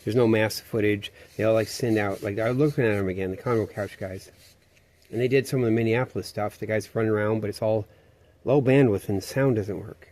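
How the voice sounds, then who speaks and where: A man's voice: on the low side, fairly even intonation, a little fast, darkish tone. A man rambling through a profane, meandering, conspiratorial monologue.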